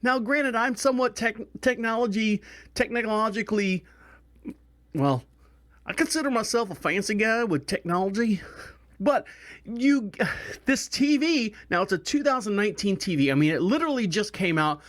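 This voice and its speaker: A man's voice: high voice, moderate pace. A man hosting a podcast, telling a rambling story casually and acting out the people he quotes. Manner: rambling, animated, acts out quoted voices. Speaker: podcast host.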